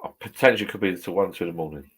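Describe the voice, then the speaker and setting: A man's voice: low-pitched, racing, a bit bright, slightly rough. A middle-aged man, chatting casually and rambling with live viewers, swearing freely. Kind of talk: casual live-stream chat. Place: home garden bar shed.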